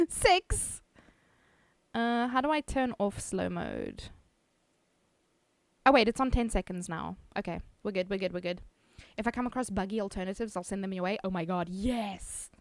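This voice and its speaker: A woman's voice: medium pitch, normal speed, no room sound. A woman streaming live, chatting casually, reading chat aloud and laughing often.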